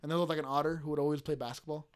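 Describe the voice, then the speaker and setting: High-voiced animated American man. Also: very fast, a loud crowd. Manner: animated storyteller, acts out voices, laughs often. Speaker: podcast co-host. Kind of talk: casual banter among friends.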